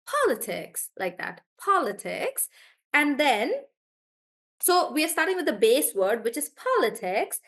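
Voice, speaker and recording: A woman teaching English pronunciation in a live class, repeating each word slowly to model the stress and calling on students by name. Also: sits high, a bit bright. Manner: calls on students by name and checks in with them.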